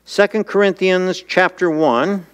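Smooth-voiced preaching pastor, man. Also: a little slow, a bit bright. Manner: earnest preaching, asks the congregation questions; voice jumps high and urgent when paraphrasing scripture. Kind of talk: sermon with scripture reading. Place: church.

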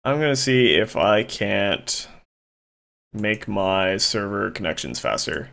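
A man's voice: fairly low pitch, lively intonation, slow pace, creaky, fairly bright tone. A man casually chatting and joking while he streams a video game, talking to his chat and a friend. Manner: joking, loose, talks to chat while playing.

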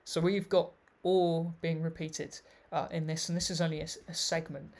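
A man's voice: on the high side, little pitch movement, moderate pace, a little mellow. A man giving an explanatory video lecture, reading passages aloud and commenting on them as he goes. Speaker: literary researcher presenting a thesis.

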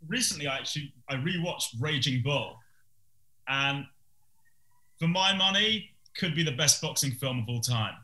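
A man's voice: fairly high pitch, lively intonation, moderate pace, pushed and bright, echoey room, low-quality recording. A male interview host asking hesitant questions with many fillers, on a video call.

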